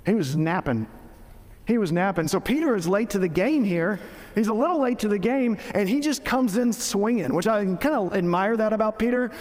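Speaking at normal speed in a large hall, a pastor delivers his sermon with a high-pitched, darkish voice and lively intonation. He keeps it casual and joking, often starting his sentences over.

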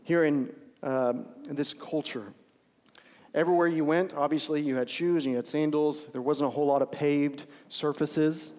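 A man's voice: on the high side, steady tone, moderate pace, a little mellow. A man preaching an informal, conversational sermon, repeating phrases for emphasis. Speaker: pastor. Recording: long hall reverb.

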